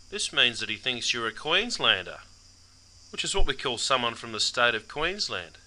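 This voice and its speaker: A man's voice: mid-range voice, pushed and bright, poor audio. An Australian man narrating a jokey scripted slang lesson, broad and playful, dropping mate into every line. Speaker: slang teacher.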